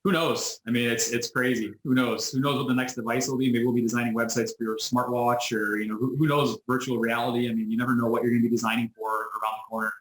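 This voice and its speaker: Man guest, quick animated storyteller, roomy echoey video-call sound. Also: medium pitch. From United States. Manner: animated storyteller who acts out quoted voices, frequent restarts. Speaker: interview guest, business owner. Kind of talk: casual storytelling interview. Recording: roomy echo.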